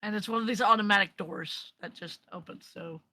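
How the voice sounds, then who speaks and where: A woman running a tabletop role-playing game as game master, describing scenes haltingly with many restarts. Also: medium pitch, sharp tone, dry recording. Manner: halting, full of restarts and fillers.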